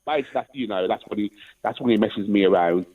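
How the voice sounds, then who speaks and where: A man's voice: lowish voice, fast talker, breathy edge. A man calling in to a radio show, chatting cheekily and rambling, swearing now and then. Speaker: caller. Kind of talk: casual phone-in chat. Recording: muffled distant phone line.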